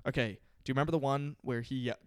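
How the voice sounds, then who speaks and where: A man co-hosting a comedy podcast, spinning family stories in loose, animated chat. His voice sits at an ordinary middle pitch, and he jumps into the voices of the people in his stories. The sound is close and dead, with no room echo. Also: quick pace, smooth. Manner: animated storyteller who acts out quotes. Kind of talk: casual comedic storytelling.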